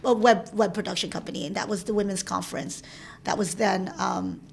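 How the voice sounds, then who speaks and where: Woman, thirties, gravelly voice, middle pitch, lively storyteller, quotes others in put-on voices. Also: fairly quick, a little hiss or hum. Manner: animated, acts out quoted voices. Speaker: interview guest. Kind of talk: casual storytelling. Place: San Francisco.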